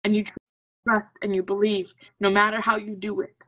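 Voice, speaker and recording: A woman's voice: mid-range voice, level tone, normal speed, a bit bright, no echo. A woman guest telling her personal story in an earnest, intense way, often voicing her own thoughts. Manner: earnest, intense, full of self-talk. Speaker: podcast guest, medical intuitive. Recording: voice from a distance to the mic.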